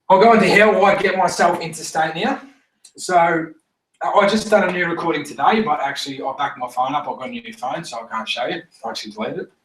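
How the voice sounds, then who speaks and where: A man telling stories to a group in a casual, animated way, laughing often and swearing freely. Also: on the high side, far from the mic. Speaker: team member giving a testimonial. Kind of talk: casual storytelling talk to a group. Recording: echoey room, recorded from afar.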